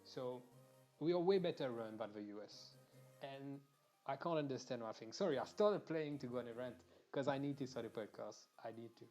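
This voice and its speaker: A man's voice: mid-range voice, moderate pace, mellow, faint music behind. A young man from Mauritius, ranting casually and animatedly during a game stream, swearing and restarting sentences.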